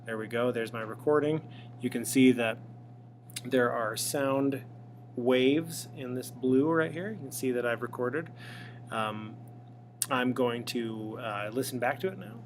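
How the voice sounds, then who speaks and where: A man's voice: medium pitch, a little slow. A man talks through a tablet app one step at a time, easygoing and full of little fillers. He speaks into an iPad's own microphone, with a faint hum underneath. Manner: relaxed, step-by-step explaining with fillers. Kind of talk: screen-recorded software tutorial. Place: indoors in front of a tablet. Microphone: iPad microphone.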